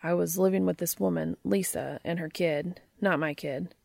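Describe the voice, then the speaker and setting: A woman's voice: fairly low pitch, fairly even intonation, moderate pace, creaky, a little mellow, no echo. A woman reading the lines of a troubled, guarded man who halts and pushes through a raw confession. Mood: confessional.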